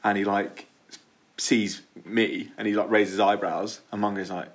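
A man's voice: fairly low pitch, level tone, unhurried, husky. A young man, a podcast guest, chatting casually and telling rambling stories with dry self-deprecating humour.

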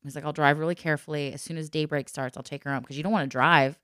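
A woman with a low voice tells a personal story in relaxed, casual talk. She sounds lively and laughs often, slipping into the voices of the people she quotes. The sound is close and dry, with no room around it. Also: rapid-fire, clear, resonant tone, no room sound. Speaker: guest telling a personal story.

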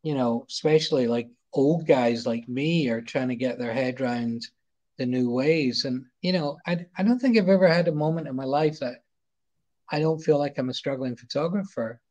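A middle-aged man with a Scottish accent tells a long anecdote in a loose, chatty way. He stumbles, repeats words and circles back as he goes, at a medium pitch. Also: moderate pace, a little mellow. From Scotland. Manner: rambling, repeats words and restarts often. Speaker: guest, photographer. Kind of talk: casual anecdote storytelling.

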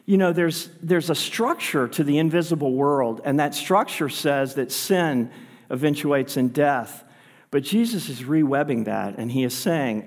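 A man's voice: fairly high pitch, unhurried, long reverb tail. A man pastor preaching a sermon in an earnest, conversational way, pushing his voice up for emphasis.

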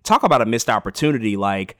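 A lower-pitched man talks through a TV episode in a relaxed podcast chat. He is enthusiastic, backtracks often, and fills pauses with "like" and "um". The sound is dry and close, with little room echo. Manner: enthusiastic, many fillers and restarts. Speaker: podcast co-host. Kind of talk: casual discussion of a TV episode.

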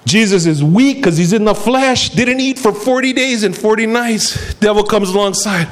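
A man's voice: high-pitched, moderate pace. A male preacher giving an emphatic, storytelling sermon.

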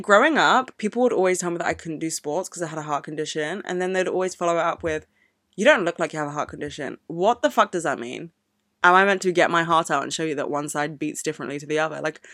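Young woman, solo podcast chat, candid, swears a lot, rambling, bright tone, dry close sound. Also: fairly low pitch, dry recording. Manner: candid, profane, rambling with many "like"s. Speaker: podcast host.

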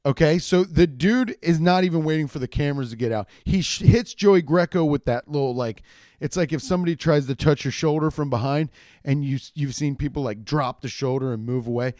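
A young man telling a rambling, profane comedic story, acting out the people in it with shouted quotes. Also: a little high, fairly quick, dry recording, studio quality.

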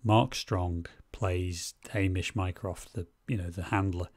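Opinionated man with a low, dry voice. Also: slow, no echo. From Scotland. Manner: animated, opinionated, swears for emphasis. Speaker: podcast co-host. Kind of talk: casual film review chat.

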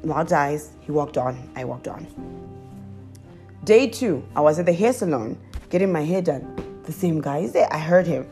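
A woman telling her viewers a confessional story in a chatty, animated way, laughing as she goes. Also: normal speed, pauses often, soft background music. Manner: laughs often and breaks into high squeals. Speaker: vlogger.

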